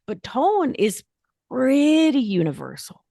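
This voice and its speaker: A woman speaking as a podcast guest in an animated, emphatic way, using casual slang. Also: sits high, takes it slowly, gravelly, no room sound, clean studio sound. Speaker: guest, nurse practitioner and author. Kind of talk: podcast interview talk.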